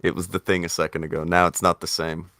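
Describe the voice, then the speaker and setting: A man hosts a casual chat show in a deep, gravelly voice. He argues animatedly and swears freely, his pitch leaping up when he pushes back. The sound is close and dry. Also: flat delivery, quick pace, sharp tone, no room sound. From Indiana. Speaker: podcast host.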